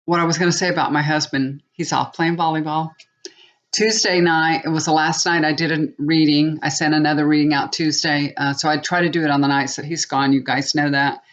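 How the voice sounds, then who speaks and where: A woman's voice: low voice, flat delivery, brisk. Chatty older woman, dull lo-fi recording. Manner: chatty, rambling, laughs at herself. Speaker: tarot reader. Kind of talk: casual monologue to viewers.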